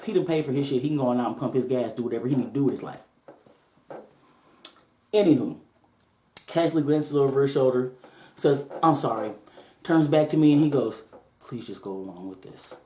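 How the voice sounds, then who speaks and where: A woman's voice: a bass voice, a little fast, long pauses, mellow, slight background noise. A woman hosting a podcast, telling a story in a laid-back, profane way with joking asides, in a roomy-sounding recording. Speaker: podcast host. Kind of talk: casual storytelling. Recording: roomy echo.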